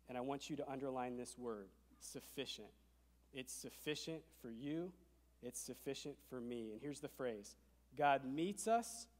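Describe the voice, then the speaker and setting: A man preaching a sermon as pastor, emphatic, swinging from hushed to loud, in a church sanctuary. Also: medium pitch. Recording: long hall reverb.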